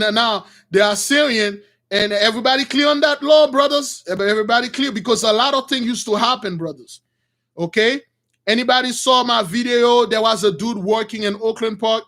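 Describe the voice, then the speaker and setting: A man with a very high voice and retells an old story to his viewers. He talks in animated bursts that often rise into shouts, then backs up to restart his sentences. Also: brisk. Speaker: religious storyteller.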